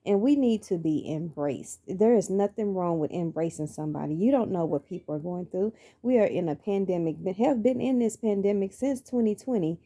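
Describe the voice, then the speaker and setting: A woman's voice: mid-range voice, warm tone. A middle-aged woman, telling her life story in an earnest, preacherly way and repeating phrases for emphasis. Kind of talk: personal motivational monologue.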